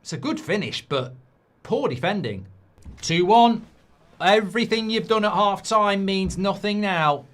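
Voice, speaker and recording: A middle-aged man hosting a live football watchalong, reacting to the match. He swings between muttered analysis and loud outbursts. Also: high-pitched, measured pace. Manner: excitable, swings from muttering to shouting.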